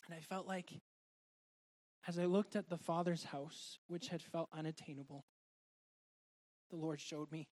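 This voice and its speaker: A man preaching a sermon and sharing a personal testimony, earnest and heartfelt, moving between loud and soft delivery. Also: on the high side, steady tone, a little slow, pauses often.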